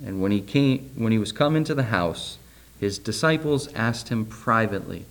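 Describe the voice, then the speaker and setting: A man's voice: on the low side, animated, normal speed. A middle-aged man preaching a sermon, reading scripture aloud and then talking it over loosely with fillers and questions to the listeners.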